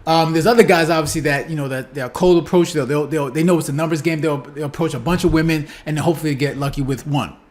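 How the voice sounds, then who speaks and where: A man's voice: a little high, fast, few pauses, a little mellow. A man giving casual reaction commentary on a clip, stumbling over repeated words and tagging "right?" onto his points. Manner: repeats words, restarts, keeps asking "right?".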